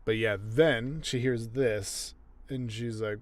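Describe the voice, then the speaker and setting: A man's voice: mid-range voice, steady tone, takes it slowly, hardly any pauses. A man hosting a casual video, joking and commenting on a story in crude, laughing terms. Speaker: host.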